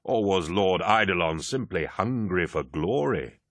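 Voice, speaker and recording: Blunt male captain, deep and dry, in an audiobook, read by a man. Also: animated, a little slow, fairly bright tone, no echo, heavily acted.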